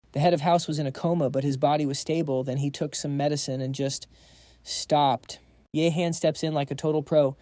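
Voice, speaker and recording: A man's voice: a little high, fairly even intonation, fairly quick, dark tone, no echo. A man narrating a story recap in a casual, slangy way.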